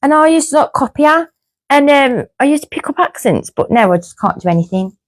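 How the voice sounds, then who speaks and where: A woman's voice: high voice, brisk. A woman with a Birmingham accent, co-hosting a podcast in rambling casual chat. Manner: chatty, rambling, lively storyteller. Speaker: podcast co-host.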